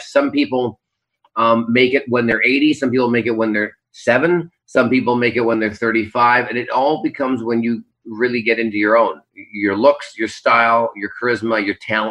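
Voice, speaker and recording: The guest, a Canadian entertainer from the Las Vegas Strip, rambles earnestly through an interview answer at home in his kitchen, using plenty of fillers. He talks briskly in a steady, mid-range voice that comes across bright and forceful on a low-quality recording.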